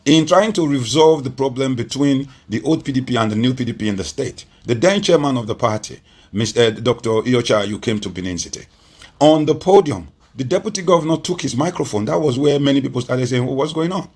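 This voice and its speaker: A man's voice: mid-range voice, husky. A Nigerian man speaking as a political guest on a TV interview, making emphatic points with rhetorical repetition. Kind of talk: TV interview commentary.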